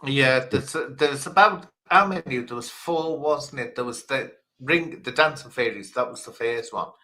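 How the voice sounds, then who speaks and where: A man hosting a relaxed chat show with a bright, forceful voice. He talks in an animated, chatty way and spins a story as he goes. His pitch sits in the middle for a man. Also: normal speed.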